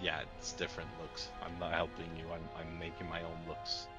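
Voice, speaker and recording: A deep-voiced man plays a tabletop game over voice chat, joking around in character. Background music is clearly heard. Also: completely flat delivery, brisk. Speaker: player. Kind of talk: casual play over voice chat.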